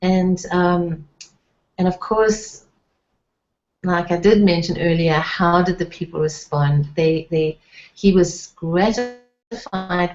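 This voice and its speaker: A woman teaches a lesson at an unhurried pace, walking through each point patiently and pausing often to think. Her voice sits a little low, and the recording sounds dull and lo-fi. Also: a little mellow. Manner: patient, explains step by step with many fillers. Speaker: Hebrew teacher. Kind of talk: slow, careful language lesson.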